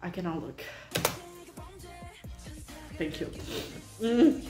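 Expressive reaction host, a woman with roomy echo. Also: fairly low pitch, very slow, soft background music. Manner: expressive, exclamatory, chatty. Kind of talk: reacting to a fan video.

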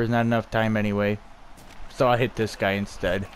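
A man's voice: lowish voice, steady tone, a little fast, a little hiss or hum. A young man giving live commentary on his own hockey video game, swearing and raging at his teammates. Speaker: gaming YouTuber.

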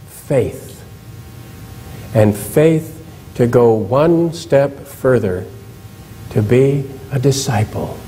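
Mellow-voiced male pastor preaching. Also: mid-range voice, low-quality recording. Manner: conversational, asks the congregation questions; retells scripture with dramatized quotes. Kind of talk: sermon. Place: church.

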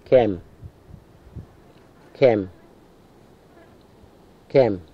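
A man with a lowish voice says each word three times, slowly and deliberately. The old field tape sounds thin and tinny, like a phone line. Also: breathy edge. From Wadeye area, Northern Territory, Australia. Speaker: language speaker repeating words. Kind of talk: slow careful word repetition for recording.

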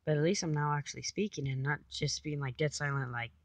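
Casting: woman streamer, slightly low voice, close dry mic, rambling playful commentary. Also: steady tone, fast, no echo. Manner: chatty, self-talking, repeats silly phrases. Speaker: gamer. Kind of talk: casual gameplay commentary.

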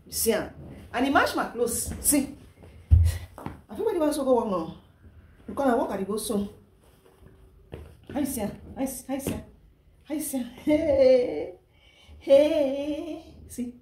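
A woman's voice: sits high, animated, moderate pace, pauses often, darkish tone, far from the mic, slight background noise. Laughing Nigerian woman in an echoey room. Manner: laughs often, mixes Pidgin into English. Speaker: vlogger. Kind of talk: casual unboxing vlog.

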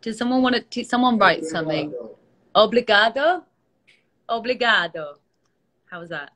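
A tired British woman, an actress, chatting casually with fans on a live stream, relaxed and self-deprecating, with many fillers, speaking into a phone held at arm's length. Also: medium pitch, fast, poor audio. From Britain. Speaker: actress hosting a fan Q&A.

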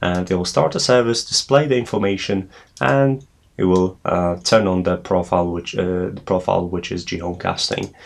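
A man's voice: low-pitched, steady tone, normal speed, vocal fry. A man hosting a tech tutorial, explaining a setup step by step with frequent hesitations. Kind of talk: screen walkthrough tutorial.

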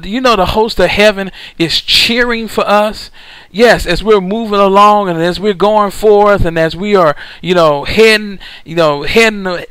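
A man's voice: sits high, fairly bright tone, smooth, dry recording, rough recording. A male preacher recording a sermon, telling a story with emphatic repetition.

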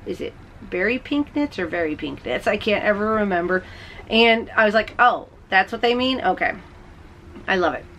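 A bubbly woman gushes to her camera in a casual, chatty home video podcast. Her voice sits at an ordinary middle pitch. A faint hiss runs under the recording. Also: fairly bright tone. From Texas. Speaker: podcast host.

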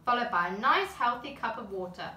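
A woman's voice: fairly high pitch, expressive, sharp tone. A woman voicing a stern, bossy mother elephant in a read-aloud picture book. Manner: stern, brisk and firm. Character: bossy mother elephant on a strict diet kick. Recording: echoey room, camera at a distance.

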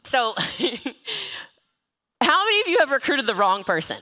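Bright, energetic woman speaking on stage. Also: high-pitched, slow, slight background noise. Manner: energetic, joking, self-mocking. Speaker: network marketing trainer. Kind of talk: motivational stage talk. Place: event stage with live and online audience.

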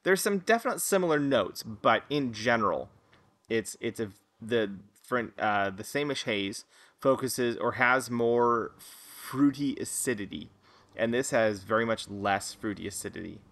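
A man's voice: medium pitch, animated, unhurried, a bit bright. A man casually reviewing a beer outdoors by a lawn, rambling with lots of fillers and chuckles. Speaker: beer reviewer, podcast host.

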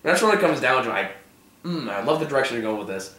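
A man's voice: mid-range voice, expressive, quick pace, bright, forceful tone, reverberant, a little hiss or hum. A man whose voice is giving out, hosting a casual discussion of a TV episode with lots of fillers and swearing. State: hoarse, voice giving out. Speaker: vlog host.

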